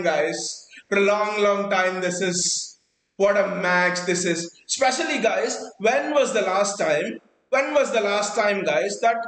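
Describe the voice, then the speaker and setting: A man reacts live to a football match as host of a fan watchalong, his voice pitched high and ringing around an echoey room. He is out of breath and excitable, repeating words and stumbling as the thoughts rush out.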